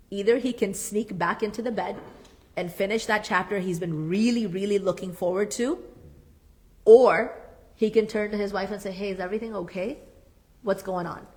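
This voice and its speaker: A woman's voice: mid-range voice, a little mellow. A woman psychotherapist leading a marriage workshop. She talks earnestly and emphatically, repeats her key points and adds playful asides. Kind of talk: workshop talk.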